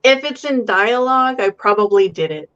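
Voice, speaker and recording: A woman's voice: a little high, lively intonation, moderate pace, fairly bright tone, muffled recording. A woman author talking as a guest in a casual chat, wry and joking, laughing often.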